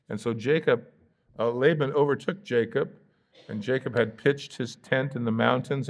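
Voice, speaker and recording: An American pastor teaches a Bible study in a relaxed, conversational way. His voice sits in a middle pitch with a gravelly edge, and he breaks up the reading with playful asides where he acts out the characters. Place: church sanctuary.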